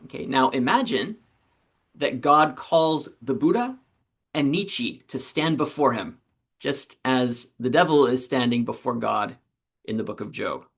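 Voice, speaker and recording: A male philosophy instructor walks through a reading in a relaxed, conversational way. He sometimes stops to correct himself. His voice sits at a medium pitch. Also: measured pace, vocal fry, breathy edge. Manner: conversational explaining, with self-corrections. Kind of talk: recorded lecture reading.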